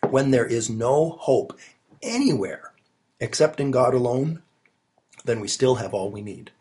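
A man's voice: mid-range voice, expressive, measured pace, mellow, a little hiss or hum. A man preaching a sermon, recorded alone in his study while he has a cold, earnest and emphatic with rising stresses. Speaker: pastor.

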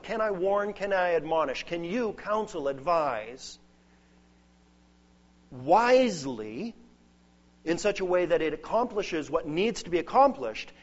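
A man preaching a sermon, earnest and emphatic, building points through lists. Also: fairly high pitch. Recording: dull lo-fi sound.

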